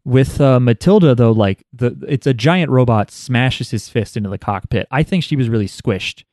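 A man's voice: medium pitch, moderate pace, darkish tone, dry recording, studio quality. A man casually talking over an anime episode with a co-host, sarcastic and joking, swearing freely. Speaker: podcast co-host.

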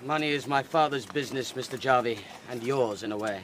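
An actor playing an earnest young English gentleman who talks calmly in a radio drama. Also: mid-range voice, fairly quick, a little hiss or hum, close to an everyday voice.

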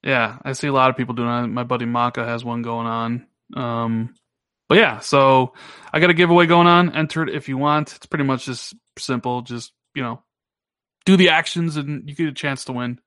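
A man co-hosting a gaming podcast, talking in a casual, teasing way and jumping up in pitch when he jokes. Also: moderate pace, clean tone, no room sound, studio quality. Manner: animated, teasing, pitch jumps up when joking. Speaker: podcast co-host.

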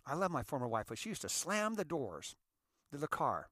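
This is a middle-aged man whose voice runs a bit high and a little quick, recorded in studio quality with no echo. He hosts a laid-back self-help radio show from inside his parked car. Lively and jokey, he acts out voices whenever he quotes someone.

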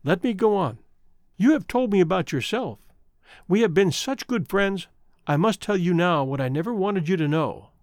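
A man's voice: high voice, animated, moderate pace, no room sound, studio quality. A man reading the lines of a troubled young woman, a former chorus girl, speaking earnestly in an audiobook. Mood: confessing. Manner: earnest, confessional.

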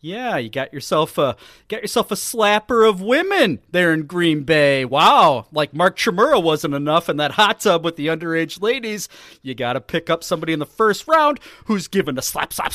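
A man's voice: fairly high pitch, sing-song, normal speed, fairly bright tone, no room sound, studio quality. A man co-hosting a casual sports podcast, talking in a joking, sarcastic way and laughing often. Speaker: podcast co-host.

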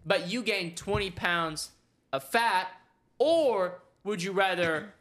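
Bright, jokey young woman. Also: medium pitch, lively intonation, takes it slowly. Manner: playful, jokey, lays out rules like commandments. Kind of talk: casual group chat.

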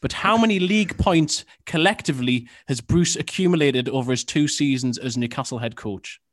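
A man hosting a football quiz on a podcast, reading questions in a dry, measured way. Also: mid-range voice.

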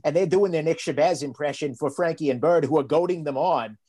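A man's voice: a little high, a little fast, dark tone, slightly rough. Rambling man telling stories as a podcast guest. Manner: rambling, storytelling, mildly profane. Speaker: podcast guest, knife reviewer. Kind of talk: casual interview chat.

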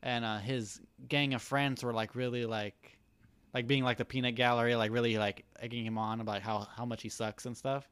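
A man's voice: medium pitch, flat delivery, normal speed, a bit bright, clear, resonant tone, no room sound. Rambling casual man, dry close sound. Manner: rambling, filler-heavy, laughs easily. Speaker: podcast co-host. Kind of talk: casual anime review chat.

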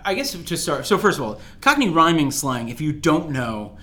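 A man's voice: fairly high pitch, very animated, moderate pace, fairly bright tone. A young American man hosting a podcast, chatting casually and telling jokey stories with many "like"s and restarts. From United States. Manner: rambling, filler-heavy, jokey storytelling. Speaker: podcast host.

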